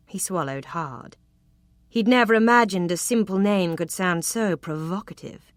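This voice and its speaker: A woman narrating a historical romance audiobook in an expressive, intimate storytelling manner. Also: on the low side, normal speed, no room sound, clean studio sound.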